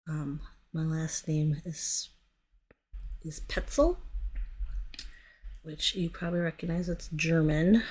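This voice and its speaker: Chatty woman demoing nails, slightly low voice. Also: dark tone. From United States. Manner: chatty, narrates her hands as she works; often trails off and self-corrects. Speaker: nail product stylist. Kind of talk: casual nail tutorial demo.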